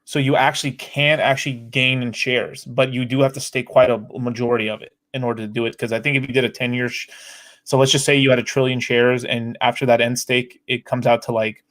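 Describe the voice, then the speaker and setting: A man's voice: medium pitch, flat delivery, a little fast, a bit bright. A man co-hosting a casual crypto chat show, chatty and explaining things with loose hedges. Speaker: co-host.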